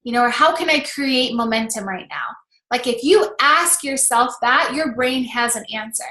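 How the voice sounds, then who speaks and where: A woman's voice: fairly high pitch, normal speed, bright, forceful tone, roomy sound, poor audio. A woman in her thirties giving a chatty, encouraging motivational talk to camera as a coach. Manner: chatty and encouraging, laughs often.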